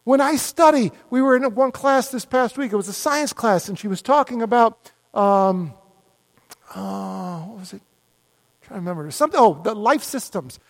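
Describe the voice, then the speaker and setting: A middle-aged male pastor giving an animated, conversational sermon full of mock dialogues. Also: sits high, moderate pace, creaky.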